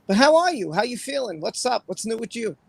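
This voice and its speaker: High, gravelly-voiced man reading chat. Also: big pitch swings, fairly quick, no echo, rough recording. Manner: emotional, apologetic, reads chat names aloud. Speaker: livestream host. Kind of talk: casual livestream chat.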